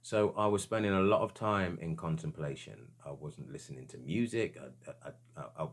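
Very deep-voiced man, halting and earnest. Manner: hesitant, halting, with frequent restarts; earnest and searching. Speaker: storyteller. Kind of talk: reflective personal account.

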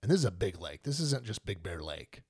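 A man's voice: low-pitched, big pitch swings, brisk, vocal fry, a little mellow, slightly rough, no room sound, clean studio sound. A man hosting a podcast, casually retelling and joking about a Bible story with lots of laughs. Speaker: podcast host.

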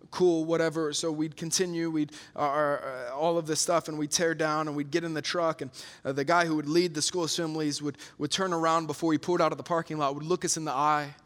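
A young man delivers a sermon with a fairly high voice and an earnest, storytelling manner, often restarting his sentences. His voice rings out with the long reverb of a large hall. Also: little pitch movement, brisk, a bit bright. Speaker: preacher.

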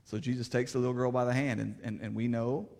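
A man's voice: medium pitch, fairly even intonation, quick pace, vocal fry. Fervent preacher man in an echoing hall. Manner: swings between fervent raised passages and hushed quiet ones. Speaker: pastor. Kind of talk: sermon. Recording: reverberant hall.

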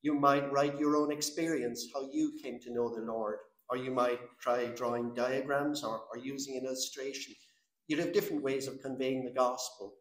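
A man's voice: medium pitch, fairly even intonation, moderate pace. A man preaching a sermon in an earnest, emphatic way, often repeating words as he builds his points. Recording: echoey room.

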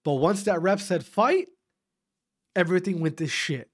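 A man in his thirties hosting a podcast, telling stories in a casual, profane, animated way that often breaks off and restarts. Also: sits high, moderate pace, no echo, clean studio sound. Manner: profane, animated, self-interrupting. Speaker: podcast host. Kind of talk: casual storytelling monologue.

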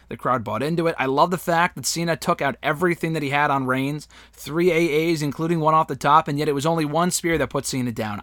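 A man's voice: medium pitch, fairly bright tone, no room sound, clean studio sound. A man hosting a casual wrestling review chat, giving his opinions and swearing casually. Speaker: podcast host.

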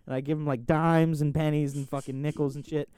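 A man's voice: fairly high pitch, level tone, a little fast, a little mellow, clean tone, no room sound. A young man telling a long story in casual chat, rambling with lots of filler words and swearing. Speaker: podcast host.

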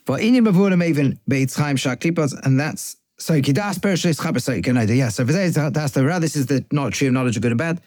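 Warm-voiced rabbi explaining a text. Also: male voice, mid-range voice, expressive, fast talker, few pauses, no echo. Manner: reads Hebrew lines aloud, then translates and explains them; thinks aloud with frequent restarts and self-corrections. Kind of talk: text study lecture.

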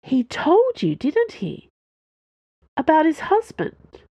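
A woman voicing a wry, knowing woman crewmate who speaks in a relaxed, sighing way. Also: high voice, takes it slowly, no room sound, pitched above the performer's own voice, heavily acted. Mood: serious. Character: warm, wry woman crewmate, protective friend.

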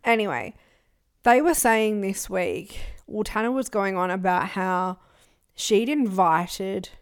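A young woman talking in a casual, animated podcast chat. Her voice sits at an ordinary middle pitch. She tells stories with lively energy. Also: slow pace, smooth. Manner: animated, quotes people in put-on voices. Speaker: podcast co-host.

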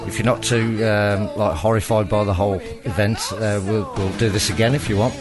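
A man's voice: fairly low pitch, steady tone, a little fast. A nervous man hosting a casual podcast chat, laughing often and swearing freely. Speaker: podcast host. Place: podcast studio. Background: music playing.

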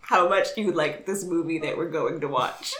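A woman's voice: low-pitched, normal speed, fairly bright tone, reverberant. A woman co-hosting a podcast in casual chat, giggly and joking. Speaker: podcast co-host.

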